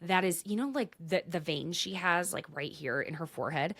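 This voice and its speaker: A woman's voice: on the low side, moderate pace, hardly any pauses, fairly bright tone, slightly rough, no room sound. A young adult woman hosting a podcast, recapping in a casual, dramatic way and dropping into whispered asides. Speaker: podcast host.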